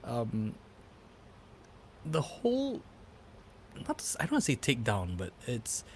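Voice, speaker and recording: A man's voice: medium pitch, wildly swooping pitch, a little slow, a little mellow, slightly rough. A man in his thirties hosting a podcast, rambling with many fillers and restarts in casual chat. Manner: rambling, filler-heavy, laughs easily. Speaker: podcast host.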